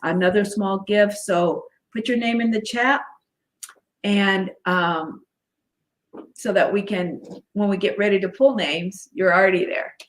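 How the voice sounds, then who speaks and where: A woman's voice: medium pitch, fairly even intonation, measured pace, a little hiss or hum. Middle-aged woman, interview host, friendly and encouraging. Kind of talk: livestream interview.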